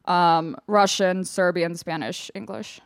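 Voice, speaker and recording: A woman's voice: on the low side, steady tone, slow pace, gravelly, no room sound, clean studio sound. A young woman comedian with a New York accent, chatting on a podcast in a joking, self-deprecating way. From Los Angeles. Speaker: comedian guest. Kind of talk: casual podcast chat.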